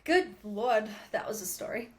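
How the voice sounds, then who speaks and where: A woman's voice: medium pitch, lively intonation, a little slow. A young woman co-hosting a casual podcast, chatty and teasing. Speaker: podcast co-host.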